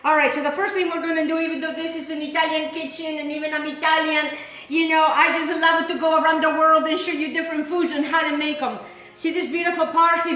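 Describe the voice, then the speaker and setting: A high-pitched woman hosts a casual cooking demonstration, talking in a chatty, rambling way and repeating her words. Her voice rings with the echo of a roomy kitchen. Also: brisk, bright, forceful tone. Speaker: cooking show host.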